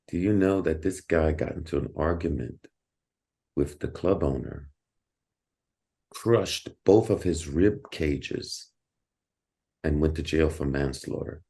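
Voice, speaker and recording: A middle-aged man, a podcast guest, telling a story in casual talk, animated and repeating words, laughing often. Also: very deep voice, takes it slowly, creaky, long pauses.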